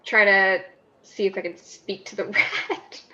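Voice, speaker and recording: A woman playing a tabletop game, excitable and quick to laugh. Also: mid-range voice, lo-fi sound. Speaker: player. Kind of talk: casual tabletop play.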